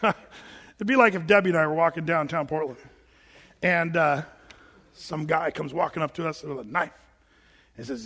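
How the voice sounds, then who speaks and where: A pastor preaching a sermon in a joking, animated way, acting out quoted voices as he goes. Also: on the high side, measured pace, pauses often, breathy edge. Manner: jokey, acts out quoted voices; self-described big guy. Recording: long reverb of a large hall.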